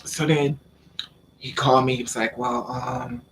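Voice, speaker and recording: This vlogger speaks at a medium pitch and an unhurried pace. He recounts something that happened to him in a loose, lively way, tripping over repeated words and voicing the other people's lines himself.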